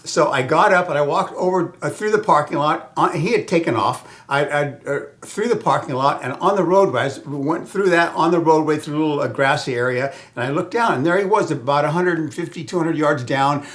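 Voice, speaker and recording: A man from Southern California rambling through a personal story, stumbling over restarts and fillers. He chuckles often and drops into hushed, whispered asides. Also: a little high, brisk, few pauses.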